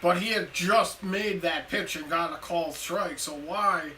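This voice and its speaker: A man's voice: sits high, a little slow, sharp tone, distant mic, slight background noise, low-quality recording. A man co-hosting a live stream, giving casual play-by-play reactions and teasing his co-host. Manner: joking, teasing.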